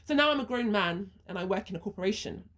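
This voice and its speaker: A woman's voice: medium pitch, lively intonation, fast, a bit bright. A woman speaking her views in an earnest monologue, walking through a hypothetical first-person story step by step. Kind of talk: reflective monologue.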